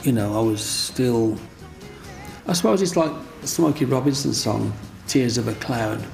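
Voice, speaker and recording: A man's voice: mid-range voice, normal speed, creaky, a little mellow, soft background music. A man telling stories from his life in an interview, rambling and repeating himself as he goes. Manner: rambling, repeats himself, often says "you know what I mean". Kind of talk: storytelling in an interview.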